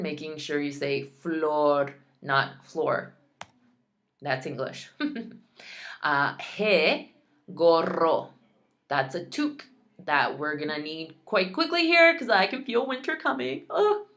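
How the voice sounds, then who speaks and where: A woman with a low, deep-set voice teaches vocabulary in an online lesson. She sounds out each word slowly and patiently explains how to say it. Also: a bit bright. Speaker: Spanish teacher.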